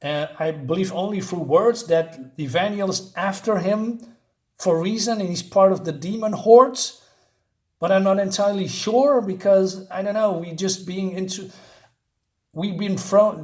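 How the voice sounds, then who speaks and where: Sarcastic guy ranting about a comic, kinda high voice, swears. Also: unhurried, a little mellow. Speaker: comic book reviewer. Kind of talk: casual spoken review.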